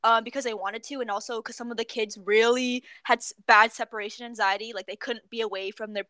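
A young woman with a high, bright voice chats casually as a podcast co-host. She tells her stories in a giggly, animated way. The recording is dry and close. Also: fast, dry recording. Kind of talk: casual chat.

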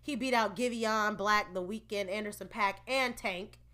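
Chatty bright-voiced woman vlogger. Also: medium pitch, a little slow. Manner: chatty, opinionated, laughing asides. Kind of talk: casual entertainment recap.

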